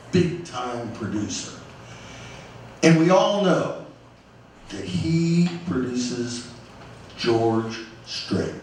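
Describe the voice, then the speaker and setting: Male songwriter, onstage storytelling, emphatic, mid-pitched, faint room hum behind. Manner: animated, emphatic, frequently acting out dialogue. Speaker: songwriter telling a story on stage. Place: small music club stage. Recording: echoey live club from a distant mic.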